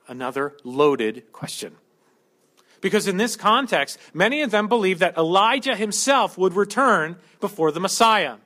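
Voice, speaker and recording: A male pastor delivering a sermon in a high, bright voice. He talks through the text conversationally and breaks it up with joking everyday asides. His tone stays clear and forward. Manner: conversational preaching with humorous asides.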